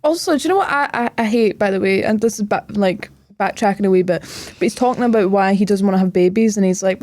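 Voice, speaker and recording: A woman's voice: medium pitch, quick pace, hardly any pauses, a little mellow. A woman co-hosting a podcast, teasing and ranting with crude jokes in casual chat. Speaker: podcast co-host.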